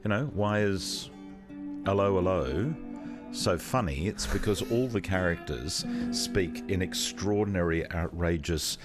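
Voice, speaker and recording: A man chatting on a podcast, animated and theatrical, often slipping into put-on voices while telling stories. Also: low-pitched, a little slow, over music. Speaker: podcast guest and storyteller. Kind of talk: casual chat with theatrical voices.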